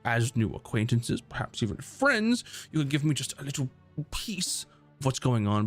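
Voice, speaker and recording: A man voicing a genteel, pushily polite gentleman trader in a tabletop game. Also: mid-range voice.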